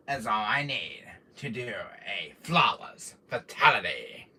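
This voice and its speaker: A man voicing a cold, smug villain, taunting in a slow, deep voice. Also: big pitch swings, bright, forceful tone, husky, exaggerated voice. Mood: gloating. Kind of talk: streamer doing a character voice.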